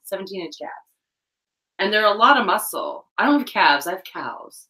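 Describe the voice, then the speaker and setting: A middle-aged woman with a light Southern US drawl chats on a live stream about horses and riding gear. Her voice is bright and forward, her delivery is loose and animated, she scatters fillers, and she laughs freely. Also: medium pitch, moderate pace, poor audio. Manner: chatty, animated, laughs often, lots of "like". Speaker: co-host of a live horse chat show. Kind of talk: casual live-stream chat.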